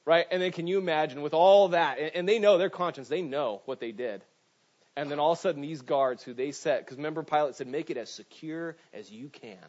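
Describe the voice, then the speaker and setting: Preaching conversationally, this pastor has a fairly high, slightly mellow voice and talks a little fast. His sermon is full of restarts, repeated words, and "right?" asides, captured in dull lo-fi audio.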